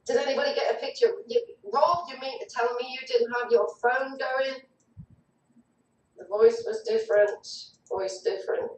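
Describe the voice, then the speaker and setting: A woman's voice: high voice, fairly even intonation, normal speed, echoey room, far from the mic, poor audio. A woman spirit medium, shaken, reading viewer comments aloud on a live online show. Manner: shaky, reads chat comments aloud.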